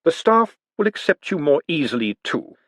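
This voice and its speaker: A man voicing a cold, dry, menacing aristocratic male tyrant, speaking slowly and precisely. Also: on the high side, sing-song, a bit bright, no room sound, voice pushed up. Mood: cool menace. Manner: slow, measured, precise and icy.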